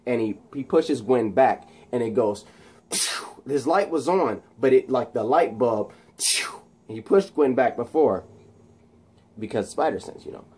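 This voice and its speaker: A man casually retelling a movie plot, rambling excitedly with many restarts. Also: mid-range voice, normal speed, slightly rough. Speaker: channel host.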